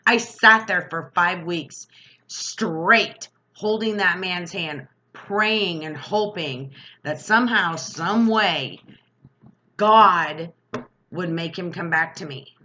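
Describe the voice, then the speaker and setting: A woman's voice: on the low side, sharp tone, a little hiss or hum. Angry, defiant woman ranting to camera. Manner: angry, defiant, fast-talking. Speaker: vlogger. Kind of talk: emotional personal rant to camera.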